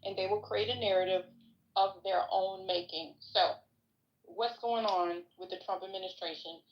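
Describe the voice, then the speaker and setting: A woman co-hosting a political podcast, opinionated and profane, thinking out loud. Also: mid-range voice, fairly even intonation, moderate pace, highs cut off.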